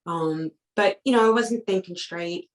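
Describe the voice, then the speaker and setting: Low-voiced woman recounting a painful story. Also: unhurried, roomy sound, poor audio. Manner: recounts events with quoted back-and-forth dialogue; emotional, urgent retelling. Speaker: podcast guest. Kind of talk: personal storytelling.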